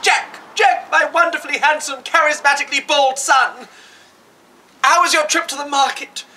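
A man playing a gushing, shrill pantomime-dame mum. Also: steady tone, normal speed, pushed and bright, slight background noise, exaggerated voice.

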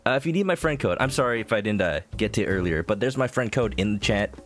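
Lively-voiced male game streamer. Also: fairly low pitch, fast talker, soft background music. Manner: chatty, jokey, talks to chat. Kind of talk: casual live-stream chat.

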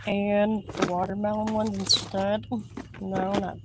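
A woman's voice: medium pitch, little pitch movement, slow. Rambling giggly woman in a noisy store. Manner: rambling, giggly, talks to herself. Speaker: vlogger. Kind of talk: casual chat while shopping. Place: inside a busy store.

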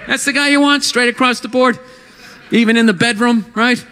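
A man ranting through stand-up comedy in a high, strained voice, swearing freely and breaking into shouts. His voice rings with long reverb through a large theater, over clear room noise from the live crowd. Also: fairly even intonation, moderate pace. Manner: ranting, profane, bursts into shouting.

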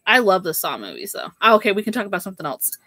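Chatting casually on her live sale stream, a young woman talks very fast in a sing-song, sharp, mid-range voice, peppering her speech with "like" and "girl." The sound is clean studio audio with no room sound.

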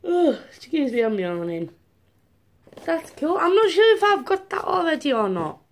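In a casual unboxing vlog, a young woman with a high-sitting voice talks at normal speed. She opens gifts, gushes with excitement, and speaks directly to her viewers.

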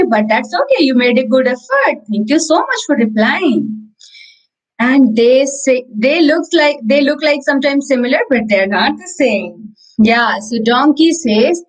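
A woman with an Indian English accent teaching preschoolers in an online class, telling a story slowly and repeating words for small children. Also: high voice, lively intonation, rough recording. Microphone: video call.

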